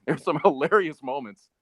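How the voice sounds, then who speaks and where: A man's voice: fairly high pitch, moderate pace, a bit bright, dry recording. Blunt, stammering man on a podcast. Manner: blunt, profane, repeats words when starting sentences. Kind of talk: casual podcast chat.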